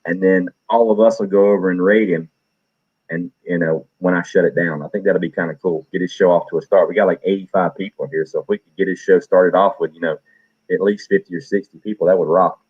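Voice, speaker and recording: A man hosting a stream, casually telling animated stories and acting out the people he quotes. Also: sits low, fast talker, breathy edge, muffled recording. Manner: animated, acts out quoted voices. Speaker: stream host. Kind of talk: casual storytelling.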